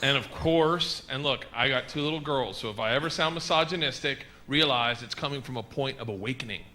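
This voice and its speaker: A middle-aged man doing a stand-up comedy set, telling stories loudly with shouted punchlines, recorded live on stage with audience noise. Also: mid-range voice, brisk, a crowd in the background. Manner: loud, animated storytelling with shouted punchlines.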